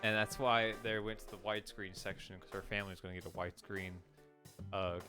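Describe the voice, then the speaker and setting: A man's voice: lowish voice, fairly even intonation, a little fast, over music. A man co-hosting a casual podcast and making laid-back, wry asides. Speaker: podcast co-host. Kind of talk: casual chat.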